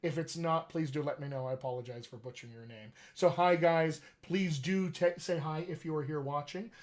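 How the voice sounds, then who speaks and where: A man's voice: a little high, brisk. A man who is a dialect coach, hosting a casual, joking livestream over a video call. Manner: chatty, joking, upbeat. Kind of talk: casual livestream talk to viewers.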